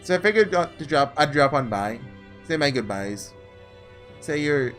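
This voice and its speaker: A man reading the lines of a dying young man in a quiet, low-key way, with a lively pitch. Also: moderate pace, faint music behind. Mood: wry.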